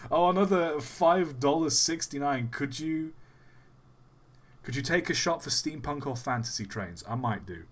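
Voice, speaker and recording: A man's voice: a little high, animated, moderate pace. A young man giving casual, jokey live-stream commentary, chatty and often trailing off.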